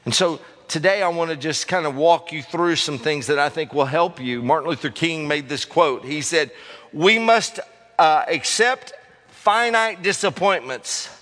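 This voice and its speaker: A man's voice: fairly high pitch, normal speed, hardly any pauses, fairly bright tone. A man in his fifties preaching a sermon in a loose, conversational, self-deprecating way, often restarting his sentences. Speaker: pastor. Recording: long hall reverb.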